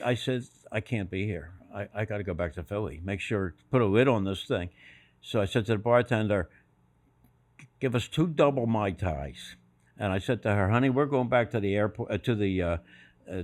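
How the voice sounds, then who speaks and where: A man's voice: lowish voice, moderate pace, darkish tone. An older man from Philadelphia, a podcast guest telling stories casually, acting out the voices of the people he quotes, with many fillers and restarts. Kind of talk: casual storytelling.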